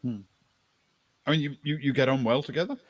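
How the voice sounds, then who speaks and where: A man's voice: medium pitch, fairly quick. A man playing a tabletop role-play game, asking hesitant, polite questions as an investigator. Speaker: player.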